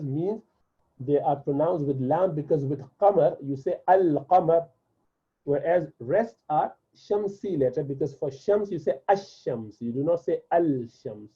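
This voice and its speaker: The speaker, an Arabic teacher with Urdu as his first language, walks beginners through a lesson, patiently repeating and drilling words one by one. His voice is a little high and slightly rough, captured with tinny, phone-like sound.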